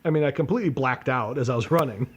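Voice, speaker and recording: A man's voice: mid-range voice, racing, lo-fi sound, a crowd in the background. A man in his forties tells a rambling story in casual podcast banter. He swears freely, acts out the voices in his story and breaks off sentences to restart them, speaking in an ordinary mid-range voice. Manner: profane, animated storyteller with self-interruptions. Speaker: podcast co-host. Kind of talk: casual storytelling among friends.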